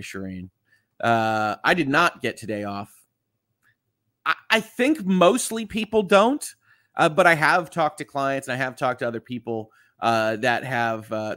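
Man, lawyer, live stream host, casual chat, reads chat comments aloud, medium pitch, dry close mic. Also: pushed and bright, no echo. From Southeast Michigan. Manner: chatty, reads comments aloud, frequent fillers.

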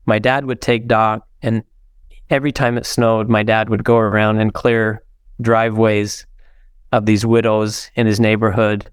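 A man's voice: fairly low pitch, little pitch movement, unhurried, smooth, no room sound, studio quality. An older man from the United States, a podcast guest telling heartfelt stories in an earnest way. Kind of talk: interview storytelling.

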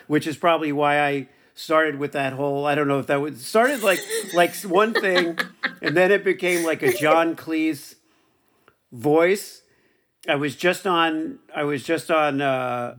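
A man's voice: a little high, fairly bright tone. Rambling man hosting a podcast. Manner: self-deprecating, rambling with fillers. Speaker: podcast host. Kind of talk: podcast interview.

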